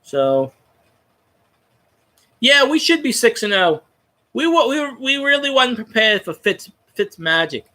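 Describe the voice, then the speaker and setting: Man, football fan commentator, profane rambling rant, high lively voice. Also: slow, pauses often. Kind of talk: casual chat.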